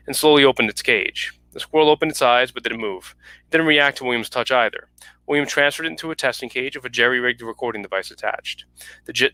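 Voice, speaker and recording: Man, author reading fiction at an online launch, quick bright delivery. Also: medium pitch, no room sound. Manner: brisk, clipped reading with small restarts. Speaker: author reading his story. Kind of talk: reading fiction aloud at a virtual book launch. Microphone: home video call mic.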